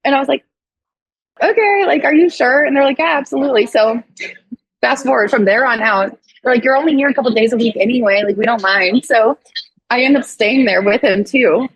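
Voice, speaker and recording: A woman's voice: fairly high pitch, brisk, husky, dry recording, low-quality recording. A woman in her thirties from St. Louis, a doctor guest telling her story in an interview, acting out quoted dialogue with casual swearing. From St. Louis, USA. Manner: animated, acts out quoted dialogue with swearing and laughs.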